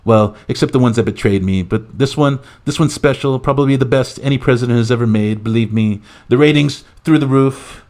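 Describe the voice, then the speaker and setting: A man doing a comic impression of a boastful, rambling male president, who talks loudly and piles on superlatives. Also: mid-range voice, fairly quick, few pauses, pitched above the performer's own voice, close to an everyday voice. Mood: bragging. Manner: loud bragging, repetitive superlatives. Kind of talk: comic impression in a podcast skit.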